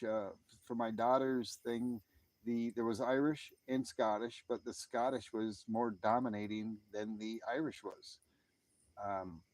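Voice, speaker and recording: A middle-aged man from the US hangs out by an outdoor fire pit, live streaming from his phone and reading out viewer comments. His mid-range, slightly bright voice wanders casually, full of fillers and restarts.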